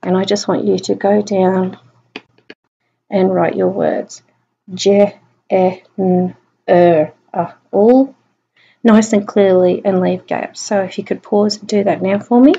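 A woman's voice: mid-range voice, steady tone, normal speed, vocal fry, warm tone, husky. A woman teacher giving a spelling lesson online, sounding out words phoneme by phoneme in a chatty, encouraging way. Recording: dull lo-fi home recording.

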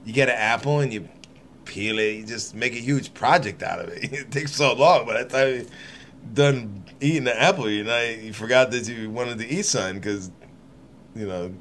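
A man's voice: medium pitch, moderate pace, fairly bright tone, slight background noise. A man reading scripture aloud on his channel, breaking off into rambling, irreverent asides with frequent laughter. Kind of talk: casual scripture reading with running commentary.

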